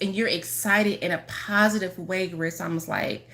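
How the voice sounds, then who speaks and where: A woman's voice: fairly low pitch, brisk, hardly any pauses, bright, forceful tone. A woman healer giving a chatty, urgent astrology reading to camera, repeating herself for emphasis and acting out what her viewers feel. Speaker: spiritual healer.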